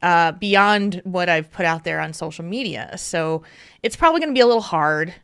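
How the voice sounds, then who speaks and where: A woman with a bright, clear voice hosting a casual podcast chat. She talks openly and candidly, laughing often. Her voice sounds close and dry on a home mic. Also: on the low side, expressive, normal speed, no echo. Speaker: podcast host.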